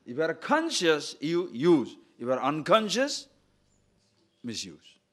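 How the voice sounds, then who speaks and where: An older man, giving a spiritual discourse full of rhetorical questions and repeated words, his pitch and loudness rising and falling widely. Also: huge pitch swings, unhurried. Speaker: spiritual teacher.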